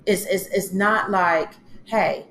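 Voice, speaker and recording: A woman hosts a casual TV recap on her own, chatty and lively. She acts out the quotes as she retells each scene. Her voice sits in a roomy, echoing space with a light hiss behind it. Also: medium pitch, takes it slowly. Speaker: TV recap host.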